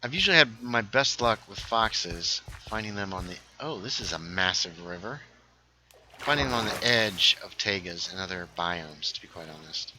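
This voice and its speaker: A man hosting a casual gaming livestream, chatting while he plays, reading viewer comments aloud and sometimes dropping into hushed asides. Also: sits low, moderate pace, a little hiss or hum, rough recording. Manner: lively, reads chat aloud, drops into hushed asides.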